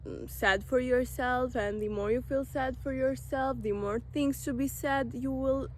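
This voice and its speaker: Woman, high voice, unhurried; earnest self-help vlogger talking straight to camera. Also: steady tone, a little mellow, a little hiss or hum. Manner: earnest, direct, repeats phrases for emphasis. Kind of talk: motivational talk to camera.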